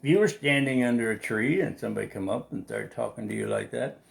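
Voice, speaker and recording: A man leading a casual live Bible study, animated and laughing as he acts out the people in the story. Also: medium pitch, quick pace, vocal fry. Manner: animated, laughing, acting out quotes.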